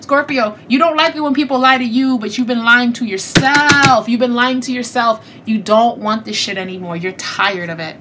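A woman giving a casual tarot reading, chatty and animated, speaking straight to her viewers and laughing often. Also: on the high side, normal speed, hardly any pauses, noisy background. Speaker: tarot reader.

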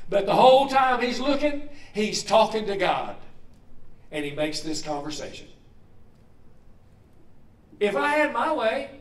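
Male pastor, sermon, conversational, unhurried delivery, echoing room. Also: high voice, far from the mic. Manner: conversational, asks the congregation questions.

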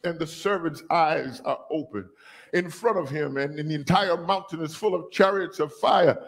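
A man preaching a sermon as bishop, calling on the congregation to repeat after him and rising to shouts. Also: fairly high pitch, normal speed, gravelly. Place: church sanctuary.

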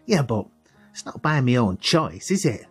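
A man voicing an excitable young boy, joshing with his friend. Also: mid-range voice, moderate pace, breathy edge, soft background music. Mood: joking. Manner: lively, joshing banter.

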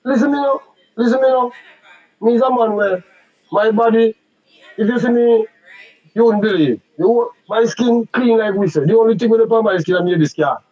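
A man's voice: very high voice, normal speed, warm tone, dull audio. A man in his forties with a Jamaican accent, boastfully arguing in a heated casual debate and talking over the others. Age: 40s.

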